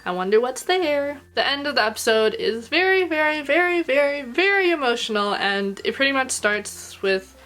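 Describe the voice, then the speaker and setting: A woman recording a casual video review, chatty and gushing, filling her talk with "like" and letting her pitch climb when she gets emotional. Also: lively intonation, normal speed, hardly any pauses, a bit bright. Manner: chatty and gushing, heavy use of "like". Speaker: anime reviewer.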